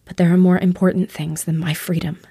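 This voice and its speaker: A woman's voice: fairly even intonation, a little slow, a little mellow, dry recording, studio quality, close to an everyday voice. A woman voicing a guarded, defiant heroine who speaks curtly and coldly. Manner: curt, cold, low-voiced.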